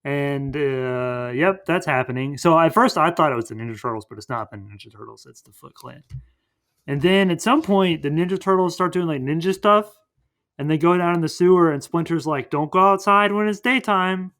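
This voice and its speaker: A man's voice: a little high, moderate pace, fairly bright tone. Rambling man recapping a movie. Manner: rambling, filler-heavy retelling. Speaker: podcast host.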